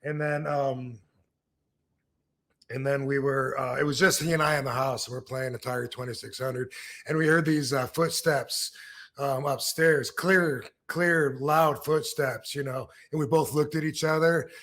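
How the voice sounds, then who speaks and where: A middle-aged man from Michigan hosts a casual podcast chat. He rambles through a story with plenty of fillers and false starts. His voice sits slightly high for a man. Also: steady tone, moderate pace, a bit bright. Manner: rambling with many fillers and restarts. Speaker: podcast host, wrestler.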